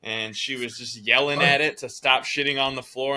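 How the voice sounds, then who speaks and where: A man's voice: mid-range voice, fairly even intonation, brisk, bright, forceful tone. A man hosting a casual podcast, reacting to his guest and talking about his own sales work. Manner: brief, encouraging reactions. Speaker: podcast host. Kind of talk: casual chat.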